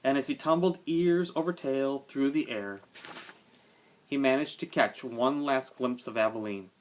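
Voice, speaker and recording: A male teacher reading a children's novel aloud to his class with expressive storytelling. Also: medium pitch, unhurried, a little hiss or hum. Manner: expressive storytelling, casual aside at end.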